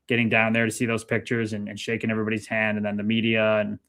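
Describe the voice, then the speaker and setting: Animated man telling stories. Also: lowish voice, fast, few pauses. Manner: animated, swearing, lively retelling with quoted dialogue. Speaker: interview guest, former pro hockey player. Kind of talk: casual storytelling.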